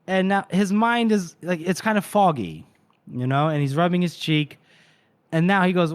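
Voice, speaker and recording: High-voiced casual man, dry sound. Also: moderate pace, smooth, no echo. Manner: loose and profane, acting out quoted lines. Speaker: podcast co-host. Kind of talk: casual book-discussion chat.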